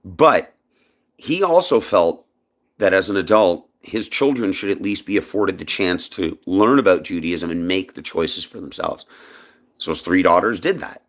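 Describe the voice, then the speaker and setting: A man from Canada giving an impassioned personal monologue in his own vlog, speaking emphatically. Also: a little slow. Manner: emphatic, impassioned, lively swings in pitch. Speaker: vlogger.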